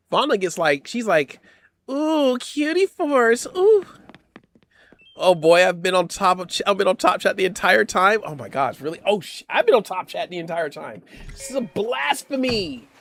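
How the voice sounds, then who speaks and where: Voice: medium pitch, expressive, fairly quick, a bit bright. A streamer giving casual live-stream gameplay commentary, playful and slangy, often laughing and teasing the chat. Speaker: game streamer.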